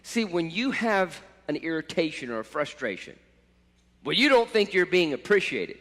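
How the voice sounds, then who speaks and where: Male pastor, sermon, fairly high voice, impassioned, surging volume, reverberant church. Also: very animated, moderate pace. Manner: impassioned preaching with sudden loud swells. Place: church sanctuary.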